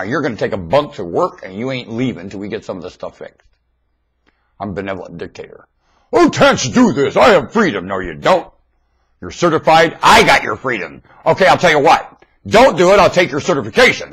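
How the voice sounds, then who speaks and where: A man talking into a webcam in a rambling, blunt monologue, swinging between loud emphatic outbursts and low mutters. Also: breathy edge. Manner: blunt, confrontational. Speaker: webcam video maker. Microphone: webcam microphone.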